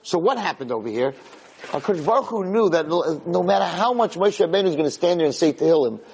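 A man giving a Torah class, retelling the story with lively, dramatic quotes. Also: on the high side, fast talker, gravelly, slightly rough, big-room sound, low-quality recording. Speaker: Torah teacher.

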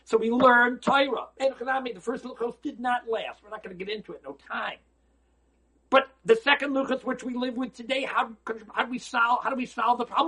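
Teaching Torah for a holiday, this rabbi speaks in a very high, husky voice and a little quickly. His style is preacherly and forceful, full of rhetorical questions, shifting from loud outbursts to hushed asides.

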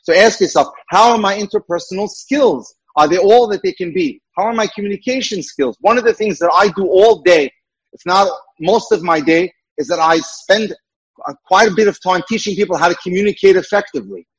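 A man's voice: high voice, a little fast, husky, low-quality recording. A man who works as a dating mentor, giving an emphatic lecture with repeated points.

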